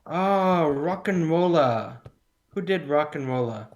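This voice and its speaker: Slow, rambling man chatting on a podcast. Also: fairly high pitch, lively intonation, highs cut off. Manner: rambling, jokey, loses his train of thought. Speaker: podcast co-host. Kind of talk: casual film podcast chat.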